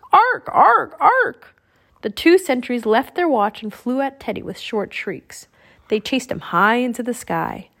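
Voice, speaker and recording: A woman reading a children's adventure book aloud in a steady storytelling manner. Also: medium pitch. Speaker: audiobook reader.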